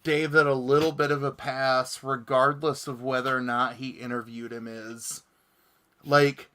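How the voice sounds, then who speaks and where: A man's voice: medium pitch, level tone, a little slow, pushed and bright. A man hosting a casual comics chat show and reading viewer comments aloud. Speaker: podcast host.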